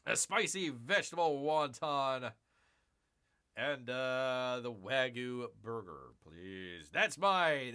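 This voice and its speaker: A man's voice: medium pitch, sharp tone. A man hosting a casual live stream, rambling chattily to his viewers and calling himself Bear. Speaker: livestream host.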